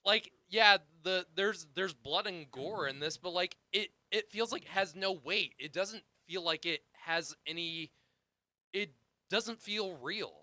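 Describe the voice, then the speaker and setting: Bright, blunt man slamming a film. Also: high-pitched, unhurried. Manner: blunt and emphatic, swears often. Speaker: podcast co-host. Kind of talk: casual movie review chat.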